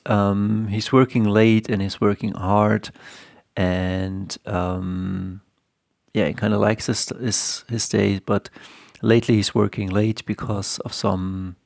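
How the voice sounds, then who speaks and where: A man with a low, gravelly voice talks through a comic story at an unhurried pace. His delivery stays flat and hesitant, full of ums and restarts. The sound is close and dry. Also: no echo. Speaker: comics teacher and host. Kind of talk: casual retelling of a comic story.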